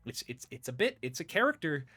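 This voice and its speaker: Animated laughing male podcast host. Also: fairly high pitch, a little fast, slightly rough, faint music behind. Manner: animated, excitable, laughs often. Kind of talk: casual interview chat.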